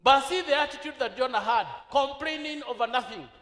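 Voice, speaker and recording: Here the Kenyan man delivering the sermon has an extremely high pitch, a somewhat bright quality, and a pace just a little on the fast side. The echo of the church hall surrounds him as he quizzes the congregation rhetorically and switches to Swahili partway through sentences.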